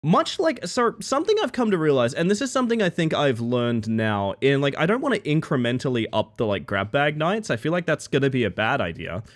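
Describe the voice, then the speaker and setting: A man's voice: medium pitch, big pitch swings, brisk, few pauses. Guy streamer chatting w his viewers, goofy and rambly, voice jumps all over. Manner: rambling, playful, greets chat by name. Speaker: live streamer. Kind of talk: casual live-stream chat.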